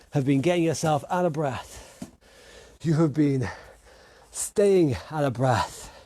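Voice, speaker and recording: A man with a British accent coaching an online workout class, calling out moves and countdowns with energetic encouragement. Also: mid-range voice, dry recording. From United Kingdom. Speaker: fitness instructor.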